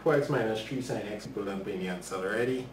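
A man's voice: lowish voice, rapid-fire, recorded from a distance, slight background noise. Man teaching maths live, roomy sound. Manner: casual, chatty, talks to viewers while working problems. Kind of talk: live-streamed maths lesson. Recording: roomy livestream audio from off-mic.

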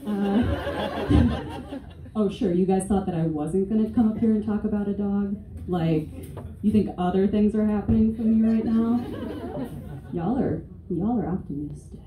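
A woman's voice: medium pitch, a little slow, mellow, a faint crowd. A woman in her twenties doing a stand-up comedy set on stage, sarcastic, profane and conversational. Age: 20s. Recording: echoey room, distant mic, faint noise.

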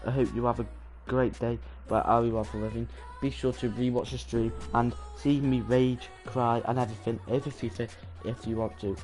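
An excitable young man commentating live on his gaming stream. He swears and shouts at the game in a voice of ordinary pitch, with faint music playing behind him.

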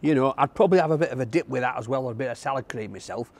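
Talking very fast in a medium-pitched voice, a man reviews a takeaway outdoors in a casual chat to camera. This food reviewer gushes over every single bite.

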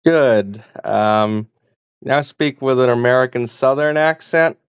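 A woman's voice: rumbling low, takes it slowly, clear, resonant tone, dry recording. A woman testing a voice assistant, giving short, hesitant commands with frequent "uh". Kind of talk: casual spoken requests.

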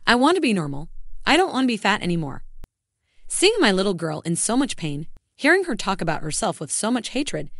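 A woman's voice: on the low side, no room sound, clean studio sound. A woman narrating a first-person story in an emotional, scripted way.

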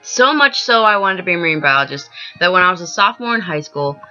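A woman's voice: lowish voice, animated, fast. A young woman vlogging an earnest, emotional rant she wrote as a script, stumbling and restarting now and then. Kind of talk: scripted personal vlog rant. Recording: dull lo-fi with soft piano music. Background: soft piano music.

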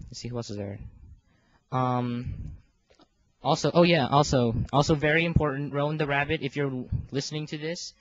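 A man's voice: mid-range voice, no echo. Teen boy vlogger, self-deprecating, full of ums and restarts; dull, dry home recording. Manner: rambling and self-deprecating, many fillers and restarts. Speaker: video creator organizing a fan voice series. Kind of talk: casual rambling vlog.

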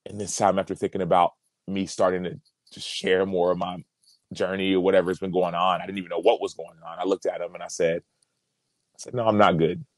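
A former pro football player appears as a podcast guest, telling a personal story in a very low, deep, monotone voice at a brisk pace. He's earnest and reflective, circling back on words as he works through thoughts, and the recording is dry and close with no room sound.

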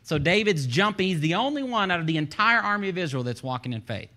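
A man with a Texan accent preaching a sermon as pastor, telling the story with energy and acting out voices, reading scripture and building to shouts. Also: high voice, lively intonation, fast talker. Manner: reads scripture aloud, rising to shouts at the close.

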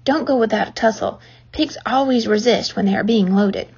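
A woman voicing a wise, bossy old female sheep who gives urgent, hushed orders in a children's story. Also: on the high side, normal speed, breathy edge. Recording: dull lo-fi recording.

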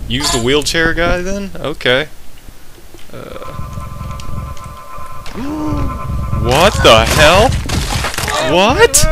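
A man giving excitable let's play commentary, swearing and yelping as things go wrong. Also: high voice, background noise. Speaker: gamer.

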